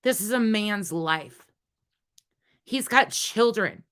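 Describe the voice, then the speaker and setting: A woman's voice: mid-range voice, expressive, slow, a bit bright. A woman hosting a livestream, talking to her chat in a heated, swearing, casual way. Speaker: livestream host.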